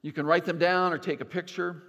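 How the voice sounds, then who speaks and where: An older man preaching a sermon as pastor, animated and folksy with gentle humor. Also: fairly high pitch, brisk. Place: church sanctuary. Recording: long church reverb.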